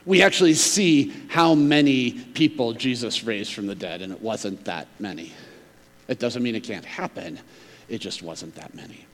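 A man preaching a sermon, swinging between emphatic loud stretches and hushed near-whispers. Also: medium pitch, expressive, normal speed, big-room sound. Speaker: pastor.

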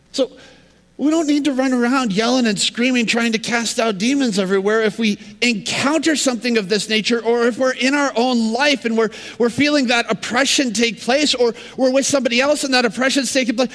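A male pastor preaching a sermon in a conversational yet emphatic way, swinging between loud and quiet passages. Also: very high voice, brisk. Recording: long reverb of a large hall.

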